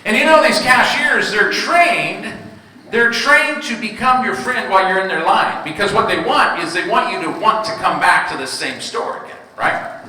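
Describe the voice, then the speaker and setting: High, bright-voiced man doing stand-up. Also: moderate pace, a little hiss or hum. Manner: animated storytelling with put-on voices. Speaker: stand-up comedian. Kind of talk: stand-up comedy routine. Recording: echoey hall from far off.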